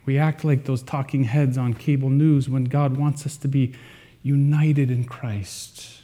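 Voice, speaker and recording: Earnest male pastor, warm dark tone. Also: mid-range voice, little pitch movement. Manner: earnest preaching with dramatic pauses and shifts in volume. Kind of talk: sermon.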